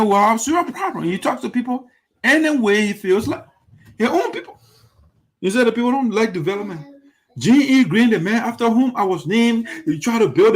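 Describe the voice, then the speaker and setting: A man hosting a critical political commentary, indignant and full of rhetorical questions that circle back to the same points. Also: sits high. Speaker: commentary show host.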